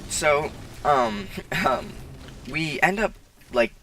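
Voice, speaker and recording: A man's voice: a little high, lively intonation, extremely slow, fairly bright tone, slight background noise. A teenage boy telling a casual storytime, rambling with lots of "like" and restarts, recorded on a poor mic. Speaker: vlogger. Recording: distant, dry, poor-quality mic.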